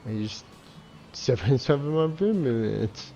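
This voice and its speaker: Medium-pitched with lively intonation, vocal fry and a dark tone, this man takes it slowly; the recording is muffled, with soft music behind. He reviews a game as he plays, sarcastic and swearing a lot, often breaking into mocking laughs.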